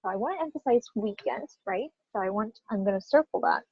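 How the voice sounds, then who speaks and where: Emphatic, higher-voiced woman teaching pronunciation. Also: brisk, breathy edge, no room sound, muffled recording. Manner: animated, emphatic, checks in with "right?" often. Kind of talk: classroom lesson.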